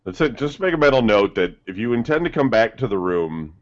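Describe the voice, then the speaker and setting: A man's voice: fairly low pitch, very animated. A man co-hosting a casual podcast, rambling about how a party emptied out, with casual swearing. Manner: rapid, rambling, profane. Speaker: podcast co-host. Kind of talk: casual storytelling chat. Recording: dull lo-fi sound.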